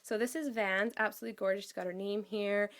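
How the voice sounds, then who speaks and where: A woman chatting casually as she shows a handmade scrapbook album, gushing with praise and pausing often with ums. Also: medium pitch, fairly even intonation. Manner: enthusiastic, gushing, with many ums. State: out of breath. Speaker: craft vlogger.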